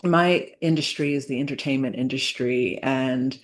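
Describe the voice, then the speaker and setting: A woman speaking to camera in a reflective personal vlog, earnest and halting, with many fillers and restarts. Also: a bass voice. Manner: earnest, faith-centered. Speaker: business owner vlogging.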